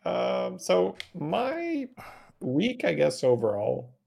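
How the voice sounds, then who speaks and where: A man co-hosting a casual podcast, relaxed and easygoing, laughing often and trailing off at the ends of his thoughts. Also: high-pitched, slow pace, creaky. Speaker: podcast co-host.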